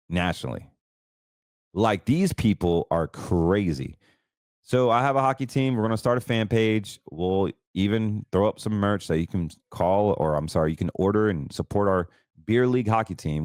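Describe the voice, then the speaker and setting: A man's voice: deep voice, a little mellow, no room sound, clean studio sound. A middle-aged man from North Carolina with a Southern American accent, hosting a casual monologue and ranting bluntly about his critics. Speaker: host.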